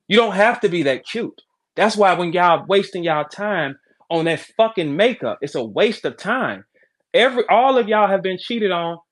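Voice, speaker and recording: Guy going off in a loud crude jokey rant, kinda high voice, swearing a lot. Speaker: battle rapper on a live audio chat.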